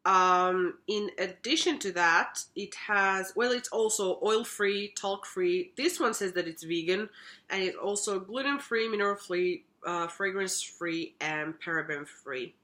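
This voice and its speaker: A woman's voice: mid-range voice, measured pace, pushed and bright. A woman giving a casual, chatty makeup product review at home, often doubling words for emphasis. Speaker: makeup vlogger. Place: home room.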